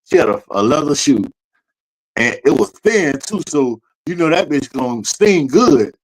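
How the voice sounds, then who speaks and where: A man co-hosting a podcast, telling a childhood story in a lively, slangy, profane way. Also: fairly high pitch, rough recording. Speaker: podcast co-host. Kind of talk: casual storytelling chat.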